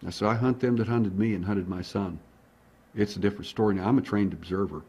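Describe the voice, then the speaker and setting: Husky-voiced male investigator recounting a case with lively, acted-out dialogue. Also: lowish voice, fast talker. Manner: animated, acts out dialogue. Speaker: alien abduction investigator. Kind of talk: storytelling monologue.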